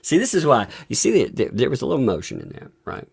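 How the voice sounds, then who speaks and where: A man's voice: mid-range voice, huge pitch swings, fast, creaky, husky. A man giving live reaction commentary, ranting with exasperation, swearing a lot and breaking into laughter often.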